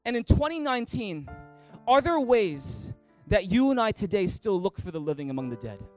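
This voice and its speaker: A man's voice: high-pitched, sing-song, moderate pace, a little mellow, soft background music. A man preaching as a pastor in a church, passionate and driving his points home with repeated rhetorical questions. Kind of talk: sermon.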